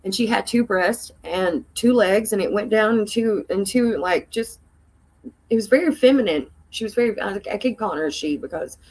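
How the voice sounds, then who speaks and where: Woman telling an animated story. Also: normal speed, husky, low-quality recording. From Tennessee. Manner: animated, laughs often, acts out quoted voices in a higher pitch. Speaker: podcast guest. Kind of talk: casual storytelling.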